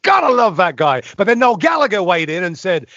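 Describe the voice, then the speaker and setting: Podcast co-host, male, higher-pitched, animated, dry and dull-sounding recording. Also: fairly quick, no echo. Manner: animated, talks over others, frequent restarts. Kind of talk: casual chat.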